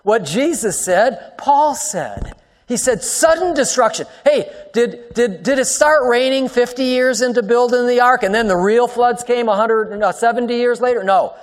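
A man preaching a sermon to his congregation, swinging between loud emphatic lines and hushed soft ones and asking the room rhetorical questions. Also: very high-pitched, normal speed, big-room sound. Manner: talks directly to the congregation, asks rhetorical questions. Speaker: pastor.

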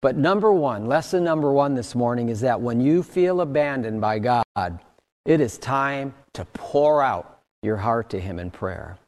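Male pastor, sermon, slow deliberate delivery, earnest, long reverb. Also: lively intonation. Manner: earnest preaching, swells louder and higher on key points.

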